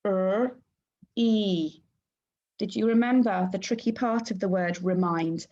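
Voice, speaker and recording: A woman teaching a phonics lesson to young children, sounding out letters and syllables clearly and praising the class. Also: mid-range voice, slow, dark tone, dull audio. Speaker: primary school teacher.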